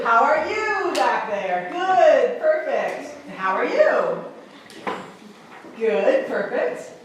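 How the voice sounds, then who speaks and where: A woman teaching a sign language class in a library room, encouraging and emphatic, repeating phrases slowly for her learners. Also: a little high, noisy background. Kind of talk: classroom instruction. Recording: echoey room, voice far off.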